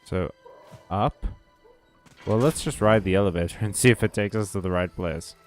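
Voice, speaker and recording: A man commentates on his gameplay in a loose, joking way, swearing freely and answering chat. His voice sits on the low side, with faint music playing underneath. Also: moderate pace. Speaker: game streamer.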